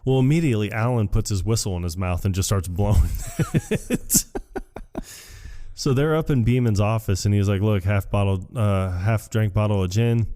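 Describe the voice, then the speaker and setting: A man co-hosting a podcast, casually recapping a film scene by scene and acting out the characters' lines in a higher voice. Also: normal speed. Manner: animated retelling, jumps high to act out quoted lines, laughs often. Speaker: podcast co-host. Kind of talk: casual movie recap chat.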